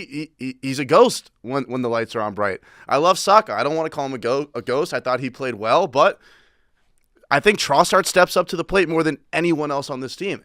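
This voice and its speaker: A man's voice: fairly high pitch, fairly bright tone, dry recording, studio quality. An American man co-hosting a casual sports podcast, talking in brash, emphatic, profane hot takes. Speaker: podcast co-host.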